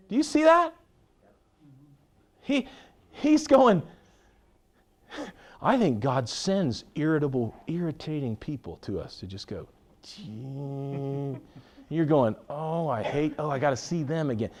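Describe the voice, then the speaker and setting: A man preaches to his congregation in a voice that sits a little high and swings widely. He teases the crowd and acts out the people in his stories. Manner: animated, playful with the congregation, acts out quoted voices. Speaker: pastor teaching a church session. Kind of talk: sermon.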